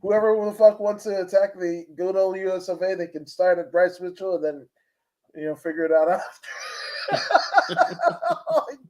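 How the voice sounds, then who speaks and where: This is a high-pitched man with a Kentucky accent, holding forth on a casual fight podcast. He rants in heated bursts, swearing freely, and comes back again and again to blunt dismissals. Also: little pitch movement, fairly quick, warm tone. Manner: profane, ranting, heated. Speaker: podcast co-host. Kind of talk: casual chat.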